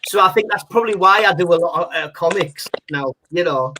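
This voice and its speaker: A man's voice: sits high, animated, fairly quick, background noise. A man guesting as an impressionist, chatting casually over a video call in a rambling way, leaning on fillers like "you know".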